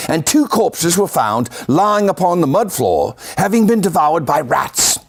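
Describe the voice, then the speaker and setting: A man's voice: on the high side, big pitch swings, a little slow, hardly any pauses. A man giving a history lecture at a senior center, adding pointed asides to his audience. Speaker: local historian giving a talk. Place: senior center meeting room.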